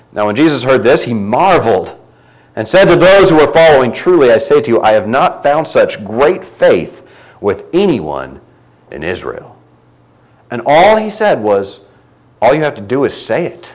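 A man preaching a sermon, reading scripture aloud and swinging between loud emphatic lines and quiet low ones. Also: big pitch swings, normal speed, rough recording.

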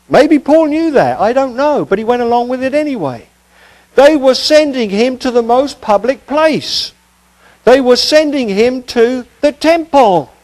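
A man's voice: high voice, a little mellow, poor audio. A male preacher giving a conversational expository sermon, with casual asides and rhetorical questions.

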